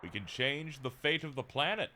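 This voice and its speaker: A man's voice: medium pitch, animated, moderate pace, pushed and bright, slight background noise, pitched above the performer's own voice. A man voicing a sly, creepy male scientist who gloats and taunts, reading game dialogue aloud. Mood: gloating. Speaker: let's play streamer reading dialogue.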